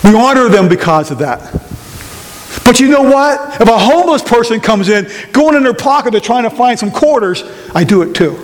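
A man preaching a sermon, telling a story and asking the congregation questions, speeding up and slowing down for emphasis. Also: very high-pitched. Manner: animated, rises and slows for emphasis, asks the congregation questions. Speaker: pastor. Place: church. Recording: long hall reverb, faint hiss.

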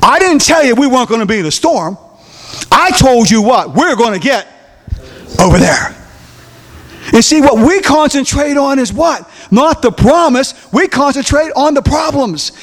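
A man preaching a sermon with call-and-response questions to the congregation, acting out the voices of the people in the story and rising to shouts. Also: very high-pitched, expressive, normal speed. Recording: long hall reverb.

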